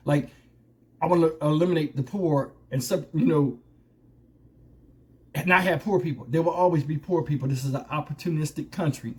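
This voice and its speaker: A man rants straight to his viewers, his voice sitting noticeably high for a man. He rambles, throws out rhetorical questions and swears freely as he builds his case. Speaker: commentary channel host. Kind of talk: opinionated commentary monologue.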